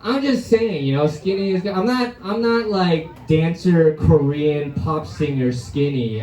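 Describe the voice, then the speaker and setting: Young male comic with a high-leaning, mellow voice, brash crude stand-up, live club mic in a roomy space. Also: a little slow, few pauses, recorded from a distance, a little hiss or hum. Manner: brash, crude, laughing at his own jokes. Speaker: stand-up comedian. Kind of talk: stand-up set at an open mic. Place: comedy club stage.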